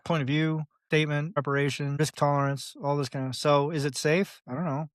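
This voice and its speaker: Fairly high and brisk, the male voice comes through clean studio audio with no room sound. He chats as a podcast guest in a loose, meandering style, peppering in "like" and "right?" and lively impersonations when quoting dialogue.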